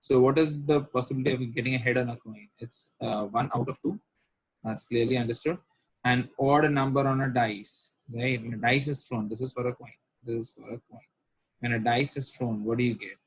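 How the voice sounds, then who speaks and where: A man's voice: medium pitch, fairly even intonation, fairly quick, slightly rough, dry recording, poor audio. A man, teaching a recorded math lesson and often asking whether students follow. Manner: repetitive, checks understanding with rhetorical questions. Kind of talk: recorded lecture at a whiteboard.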